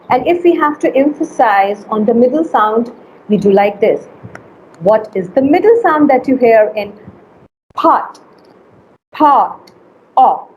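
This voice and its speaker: A woman teacher giving an online phonics lesson, slowly stretching and sounding out letters and words. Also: a little high, a little mellow, highs cut off, slight background noise.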